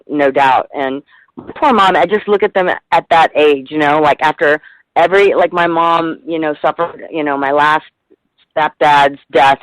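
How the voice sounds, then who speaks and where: A woman's voice: sits low, no room sound, low-quality recording. A middle-aged woman guest in a casual radio interview, talking in a rambling, heartfelt way with plenty of swearing.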